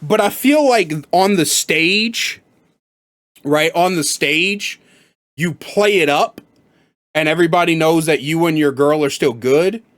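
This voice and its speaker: A man with a slightly raised pitch talks through his reaction in a loose, rambling flow. He is blunt and curses freely, circling back on his words as he argues a point. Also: measured pace, a bit bright. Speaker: reaction commentator. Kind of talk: reaction commentary.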